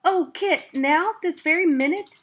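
A woman's voice: fairly high pitch, brisk, lightly acted. A woman reading aloud and voicing a timid little girl who pleads eagerly. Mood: excited.

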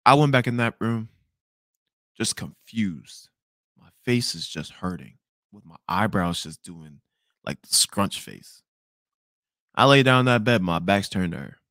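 A young man hosting a podcast, telling a storytime tale in a loud, profane way that swings between outbursts and mutters. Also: lowish voice, animated, unhurried, pauses often, dry recording, clean studio sound. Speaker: podcast host. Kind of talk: storytime monologue.

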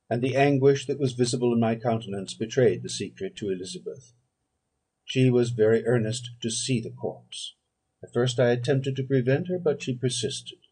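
A man reading a classic novel aloud as audiobook narration, in a measured, solemn manner. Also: mid-range voice, warm tone, breathy edge. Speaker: audiobook reader.

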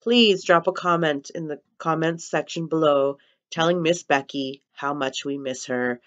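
A woman's voice: low voice, unhurried. Woman, early-years program host, upbeat, speaks straight to children, muffled lo-fi recording. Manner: upbeat, addressing children directly. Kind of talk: friendly sign-off to young children.

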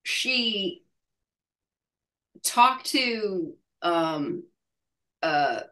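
A woman in her sixties with a bright, forward tone answers an interviewer in a loose, halting way. She trails off, restarts and laughs as she searches for words. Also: mid-range voice, lively intonation. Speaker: actress, interview guest. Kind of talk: casual interview chat.

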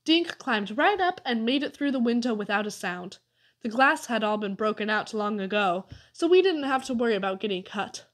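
A woman narrating a children's story aloud with an expressive reading. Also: a little high, normal speed. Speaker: audiobook reader.

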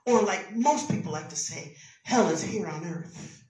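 Brief: woman pastor preaching in a sermon, fervent and forceful, distant mic in a reverberant church. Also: on the low side, lively intonation, measured pace. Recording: echoey church from far off.

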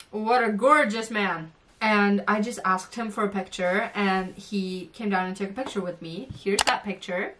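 A woman's voice: mid-range voice, a little slow, pushed and bright. Young woman, vlogger, gushing storytime, giggly, breathless, mic a little far away. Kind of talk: excited storytime chat.

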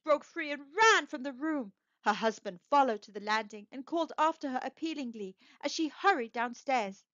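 A woman's voice: on the high side, a bit bright, no room sound. A woman storyteller narrating a spooky classic tale in a dramatic, suspenseful way. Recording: dull, dry lo-fi recording.

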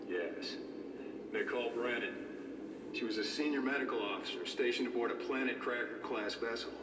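A man's voice: medium pitch, moderate pace, background noise, close to an everyday voice. Man playing a probing interrogator, roomy game audio. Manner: probing, insistent questioning. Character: calm male interrogator questioning a patient. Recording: game audio in a roomy space, from far off, with music.

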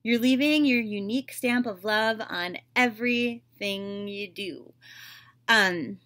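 A woman's voice: a little high, slow, fairly bright tone. A woman giving a casual tarot reading, chatty and loose, with lots of "like" and "um" fillers. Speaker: tarot reader.

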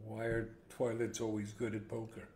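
A man's voice: on the low side, flat delivery, normal speed, darkish tone. A man hosting a casual chat who tells jokes and stories in a playful way, acting out the characters. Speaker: host. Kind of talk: casual chat, joke telling. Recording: echoey room with faint background noise.

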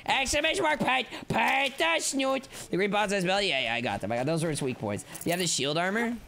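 A man streaming live gameplay commentary, excitable and playful, rambling on and chatting with his viewers. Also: sits high, a little fast, vocal fry, slight background noise.

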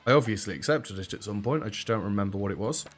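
A man's voice: lowish voice, lively intonation, fast, soft background music. A man with an English accent that drops H's and T's, giving casual, sarcastic let's play commentary. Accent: English, dropped H's and T's. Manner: dry, sarcastic, chatty.

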